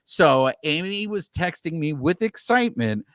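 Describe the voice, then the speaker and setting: A man co-hosting a podcast, explaining things at length in casual, animated chat with filler words. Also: fairly high pitch, measured pace, no room sound, clean studio sound. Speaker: podcast co-host.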